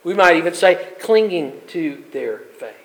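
A pastor with a high voice delivers a sermon. He builds to loud, emphatic peaks, then drops to soft, quiet asides. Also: lively intonation, measured pace, gravelly, poor audio.

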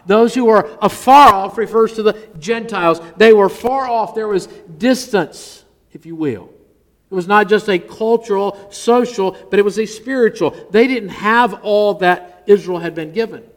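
A male pastor preaches with a high-pitched voice. He delivers his sermon emphatically and lets key words sink to a hush. The sound has the long echo of a church sanctuary. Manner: emphatic, dropping to near-whispers on key words.

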